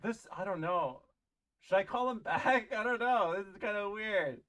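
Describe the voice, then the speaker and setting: A woman's voice: medium pitch, animated, normal speed, a bit bright, dry recording. A woman streamer in casual livestream chat from a home setup, rambling, swearing and interrupting herself with frequent laughs.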